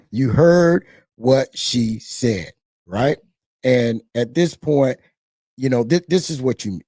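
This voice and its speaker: A man's voice: fairly low pitch, mellow, slightly rough, dry recording, clean studio sound. A middle-aged man rambling casually as a livestream host, often repeating himself.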